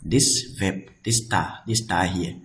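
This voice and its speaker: Patient low-voiced male grammar teacher. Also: slow, a bit bright, rough recording. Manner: patient, repeats examples and checks understanding; reads Arabic examples between English explanations. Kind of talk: explaining a lesson.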